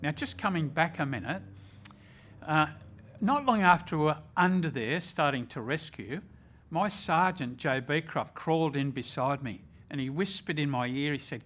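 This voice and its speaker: An older Australian man speaks in an earnest, measured way. He recounts his own memories with steady reflection. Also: fairly high pitch. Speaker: retired rescue officer, ambulance chaplain. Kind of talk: personal storytelling.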